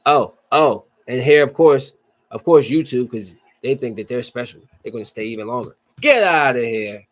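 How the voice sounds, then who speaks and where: A man's voice: mid-range voice, moderate pace. A man hosting his own podcast, ranting casually with many fillers and repeated phrases. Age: adult with kids. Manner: animated, repeats himself, lots of "like" fillers. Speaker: podcast host. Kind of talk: solo casual podcast rant.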